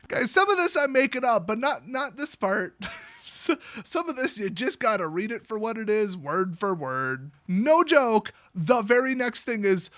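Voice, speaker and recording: A man's voice: very high-pitched, animated, a little slow, a bit bright. A man mockingly recapping a fantasy story, with crude, sarcastic jokes. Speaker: host.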